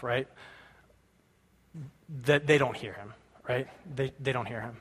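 A man's voice: mid-range voice, expressive, brisk, vocal fry, fairly bright tone, slightly rough. A man giving a conversational sermon as a pastor, talking casually and often checking in with his listeners. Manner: casual, keeps checking in with "right?". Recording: long hall reverb.

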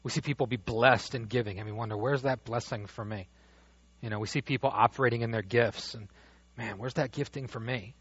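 A man preaching a sermon as pastor, animated, dropping to a hush and rising loud as he acts out the father's words. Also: mid-range voice, brisk, slightly rough. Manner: animated, swings from hushed to loud when quoting the father. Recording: dull dry lo-fi sound.

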